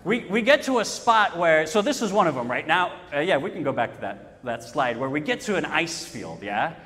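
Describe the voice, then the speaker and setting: Lively male preacher in a reverberant hall. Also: fairly high pitch, normal speed. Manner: storytelling, self-mocking, emphatic. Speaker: pastor. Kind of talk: sermon.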